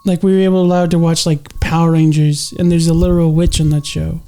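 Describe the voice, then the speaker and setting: A man with a Mexican-American accent co-hosts a casual podcast with dry, deadpan remarks. His voice sits notably high for a man. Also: fast, faint music behind. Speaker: podcast co-host. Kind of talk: casual chat.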